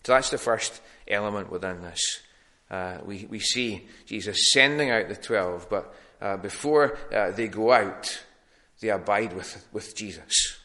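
A man's voice: on the low side, unhurried, sharp tone. A man preaching a sermon in a plain teaching tone, with frequent ums and restarts.

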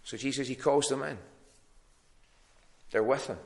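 A man's voice: mid-range voice, fairly even intonation, unhurried, vocal fry, a little mellow. A man preaching a sermon in a plain teaching tone, with frequent ums and restarts.

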